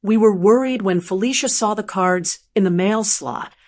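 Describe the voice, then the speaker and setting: A woman reading the lines of an anxious adult son who rambles and pleads, a little higher than her narrating voice. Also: moderate pace, a little mellow, close to an everyday voice.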